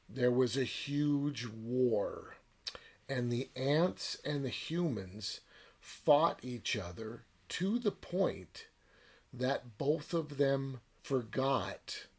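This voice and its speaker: A man voicing a small talking spider with a calm, knowing manner, in a husky voice. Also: medium pitch, exaggerated voice. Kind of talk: retelling a story aloud.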